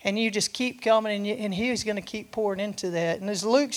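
A man's voice: sits high, a little fast. A man preaching a sermon to his church, earnest and encouraging, often asking "amen". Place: church sanctuary. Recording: church hall reverb.

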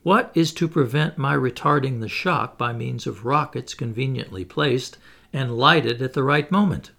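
A man voicing a confident, witty male adventurer who calmly answers every objection. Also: medium pitch, moderate pace, vocal fry. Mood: assured. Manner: cheerful, assured, explanatory.

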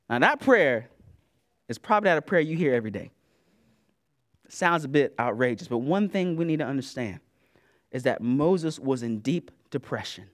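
A man preaching a sermon in an animated, colloquial way, with repeated words and asides to the congregation. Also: fairly high pitch.

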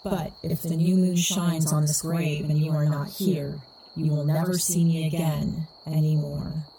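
A woman playing a sad, earnest young woman in an audio drama, speaking softly and solemnly. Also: deep voice, level tone, unhurried, vocal fry.

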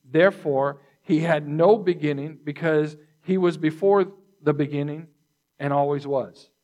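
Pastor, male, measured sermon delivery; unhurried pace, voice on the higher side. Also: a little mellow. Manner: slow, deliberate teaching with repeated phrases; throat clearing between points.

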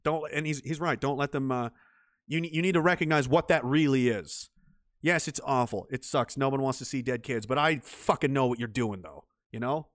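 A man's voice: mid-range voice, normal speed, no echo, clean studio sound. A man hosting a livestream, talking casually and reading out viewer comments, ranting and swearing. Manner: profane, ranting, mocking voices. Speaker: livestream host.

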